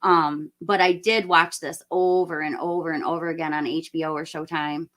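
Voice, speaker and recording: A middle-aged woman hosting a live stream, chatting enthusiastically and rambling with fillers, her voice slightly hoarse as she loses it. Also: low voice, steady tone, normal speed, a bit bright. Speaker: livestream host. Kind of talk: casual live-stream chat.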